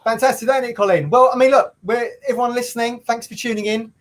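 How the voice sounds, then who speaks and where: A man's voice: very high voice, fast talker. A man hosting a casual podcast, friendly and chatty as he leads the conversation. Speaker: podcast host.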